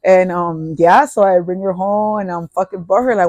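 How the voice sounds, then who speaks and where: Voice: mid-range voice, fairly even intonation, normal speed, a little mellow, no echo, muffled recording. A podcast host telling a personal story casually, swearing often and rambling with restarts.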